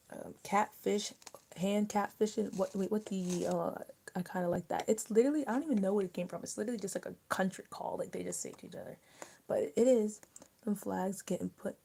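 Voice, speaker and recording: A young woman from Maryland hosts a casual live stream while she eats. She chats loosely and answers viewer comments out loud, in a voice that sits at an ordinary middle pitch. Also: brisk, vocal fry, slight background noise. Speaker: livestream host.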